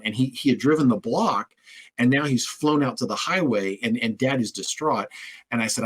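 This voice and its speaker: A man's voice: medium pitch, fairly quick. A man hosting a podcast, telling stories in a casual conversational way and acting out quoted voices as he goes. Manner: animated storyteller, acts out quoted voices. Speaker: podcast host. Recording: husky, occasionally crackly audio.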